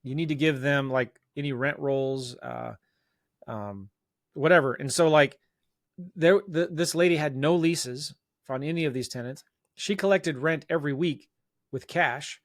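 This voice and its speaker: Animated man telling a story, dry sound. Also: on the high side, no echo. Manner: animated, self-mocking storyteller who acts out quoted dialogue; loose talk full of fillers and restarts. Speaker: guest real estate investor. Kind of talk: casual storytelling interview.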